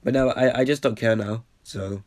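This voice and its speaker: A man's voice: mid-range voice, moderate pace, darkish tone, no echo. A man casually reacting to his own old video, talking loosely with plenty of "like" and "um". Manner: loose and rambling, with fillers.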